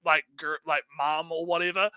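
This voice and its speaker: A man's voice: fairly high pitch, flat delivery, moderate pace, pushed and bright, smooth, no echo, rough recording. A man co-hosting a stream in casual chat, rambling and tagging his points with "right?" while repeating words as he starts. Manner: rambling, tags lines with "right?". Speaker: stream co-host.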